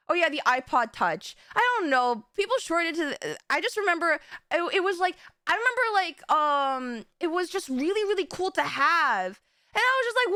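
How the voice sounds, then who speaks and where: High bright young woman streamer. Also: normal speed, no room sound, studio quality. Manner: animated storytelling with swearing and restarts. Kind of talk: casual chat.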